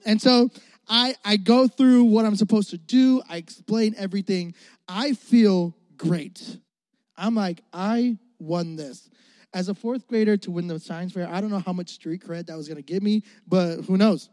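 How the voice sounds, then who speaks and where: A man's voice: high-pitched, moderate pace, no echo, studio quality. A young man preaching as a pastor, telling a funny childhood story and acting out his younger self. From Florida. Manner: animated, jokey, acts out his younger self. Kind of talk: comic sermon storytelling.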